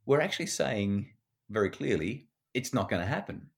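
A man's voice: mid-range voice, very animated, fairly quick, gravelly. A middle-aged man with an Australian accent, a parenting educator telling stories conversationally. He acts out the voices he quotes and often repeats words as he starts a sentence. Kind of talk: conversational storytelling.

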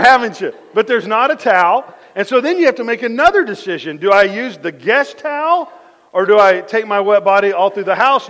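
A man preaching a conversational sermon, telling lively everyday stories, repeating his phrases and dropping his voice soft for the key points. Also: high voice, in a large hall. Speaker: pastor.

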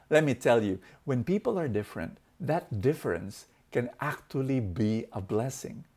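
A man giving a motivational talk, telling a fable and speaking in an animated way that shifts from loud to soft. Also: mid-range voice, normal speed, few pauses, husky.

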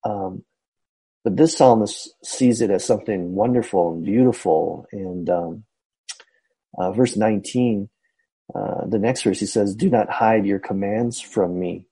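A man reflecting on a psalm in a casual Bible discussion, speaking haltingly with many fillers and restarts. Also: on the low side, dark tone, breathy edge, rough recording. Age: adult. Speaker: Bible study discussion leader.

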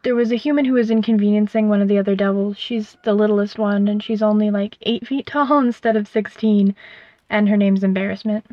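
A woman's voice: mid-range voice, steady tone, a little fast, dry recording, dull audio. A woman telling a first-person story in a wry, rambling, conversational way. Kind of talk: first-person fiction narration.

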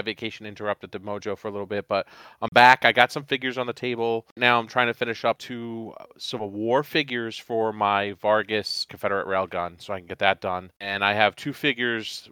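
Man, low voice, bright and clear, rambling chat, casual podcast. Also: no room sound. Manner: rambling, detail-heavy.

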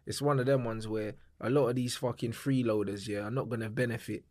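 A man's voice: mid-range voice, steady tone, fairly quick, darkish tone, no room sound. Laid-back London man, dry close sound. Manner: laid-back London slang, says "blood" and "bruv" often. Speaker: podcast guest, club owner. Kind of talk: casual podcast chat.

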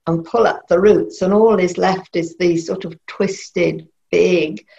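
A woman's voice: on the low side, steady tone, vocal fry, warm tone, dull audio. A middle-aged woman, a novelist, answering interview questions thoughtfully with frequent restarts. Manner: thoughtful, halting, many restarts.

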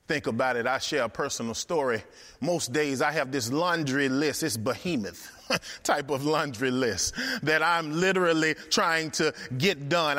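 A man's voice: fairly high pitch, pushed and bright, long reverb tail. A man preaching a sermon, emphatic and rhythmic, repeating phrases for effect.

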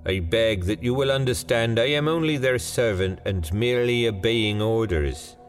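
A man voicing a nervous, awkward company messenger in a spoken ghost story, stammering and formal, pitched above his own voice. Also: moderate pace, lightly acted. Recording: long hall reverb, faint music.

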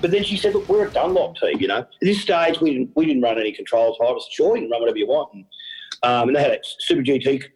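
This is a middle-aged man with an Australian accent who tells his story with lively energy, laughing and playing out the voices of the people in it. His voice sits at an ordinary pitch. Faint music plays behind him. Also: fast, poor audio. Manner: animated storyteller, laughs often, acts out quotes. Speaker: event organizer. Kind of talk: storytelling interview.

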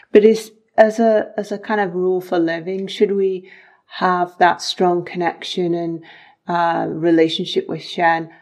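Low-voiced woman co-host asking questions. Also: vocal fry, darkish tone. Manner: quick questioning, restarts when thinking. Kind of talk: conversational interview.

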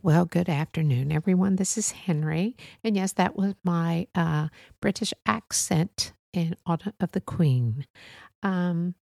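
A woman's voice: fairly low pitch, a little slow, vocal fry, darkish tone, no room sound, studio quality. A woman hosting a solo podcast, talking casually in a rambling, musing way with many fillers and restarts. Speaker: podcast host.

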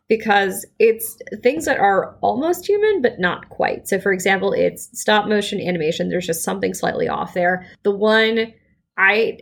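A woman's voice: mid-range voice, creaky. A young woman co-hosting a podcast, chatting casually and restarting her sentences as she talks about her fears. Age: young adult. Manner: chatty, halting restarts when describing fears. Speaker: podcast co-host. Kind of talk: casual chat.

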